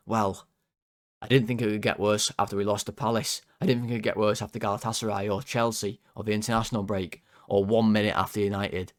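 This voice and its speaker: A young man hosting a football fan channel, ranting through player ratings, swearing, his voice jumping high when worked up. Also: a little mellow. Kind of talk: player ratings rant to camera.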